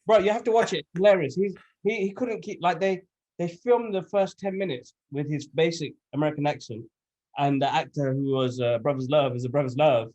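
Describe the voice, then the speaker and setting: A man, co-hosting a casual podcast chat, animated and slangy. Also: on the high side, brisk, dull audio. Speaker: podcast co-host.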